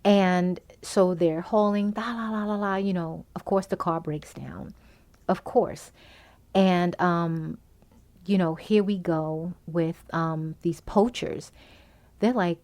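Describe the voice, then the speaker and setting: Podcast host, female, slightly low voice, loose and chatty, lots of "you know", acts out the characters' lines as she recaps the plot. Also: unhurried. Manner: animated retelling, acting out the characters' lines. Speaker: podcast host reviewing a movie. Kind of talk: casual movie recap.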